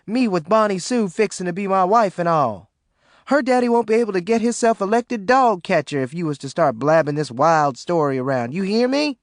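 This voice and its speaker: A man's voice: high voice, expressive, fairly quick, no room sound, clean studio sound, pitched above the performer's own voice. Man doing a snarling brute. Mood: menacing. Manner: snarling, shouting, cruel. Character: brutal, threatening young white Southern man. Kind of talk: audiobook character voice.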